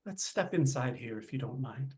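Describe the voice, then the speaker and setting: A man's voice: mid-range voice, lively intonation, moderate pace, a little mellow, lightly acted. A man voicing a vain, theatrical dandy who speaks with a royal we, pompous and grandly condescending. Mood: gracious.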